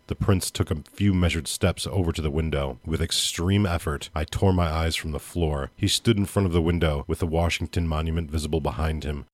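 Brief: male podcast host, low voice, steady and expressive dramatic reading. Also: brisk, few pauses, no echo.

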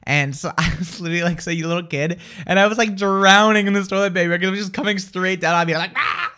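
A young man hosting a casual morning radio show, telling stories in an animated way and acting out the voices of the people in them. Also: high voice, fast talker, clear, resonant tone.

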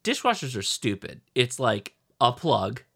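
Lively, bright-voiced man telling a story. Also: medium pitch, unhurried, gravelly, slightly rough. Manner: rambling, animated storytelling with restarts. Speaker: podcast co-host. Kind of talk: casual chat.

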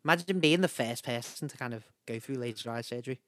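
A man co-hosting a podcast in casual, jokey chat, often trailing off quietly. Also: medium pitch, fast talker, dry recording, studio quality. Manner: jokey, trails off softly at ends of lines. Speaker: podcast co-host.

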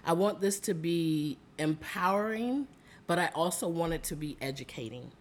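A woman hosting a podcast as a life coach, upbeat and chatty, her voice a little rough and hoarse from allergies. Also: lowish voice, animated, normal speed. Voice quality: slightly rough voice. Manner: upbeat, chatty, calls listeners "y'all" and "guys". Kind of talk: casual podcast chat. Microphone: studio mic.

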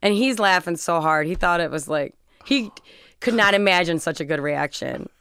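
A middle-aged woman telling stories in casual chat as a podcast guest, animated, laughing often and swearing freely. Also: lowish voice, normal speed, clear, resonant tone, no echo, studio quality.

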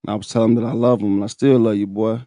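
A man telling his own story in casual, profane, animated talk, laughing and breaking into high shouts. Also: very fast, no room sound, soft background music.

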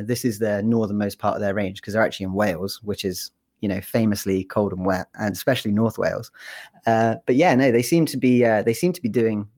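A young English man, a PhD researcher, talking casually in an interview, with plenty of fillers and restarts. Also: on the low side. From England. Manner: relaxed, chatty, many fillers and restarts.

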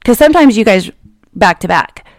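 On a dry, studio-quality recording, a woman in her thirties hosts a casual podcast chat, playfully teasing her guest and quick to laugh. Her pitch is medium and her intonation lively.

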